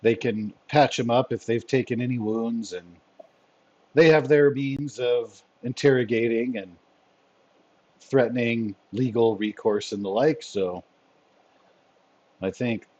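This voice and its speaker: Male actor as a formal spy chief, measured and dry, mid pitch, muffled audio. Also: a little mellow. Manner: formal, measured, dryly wry.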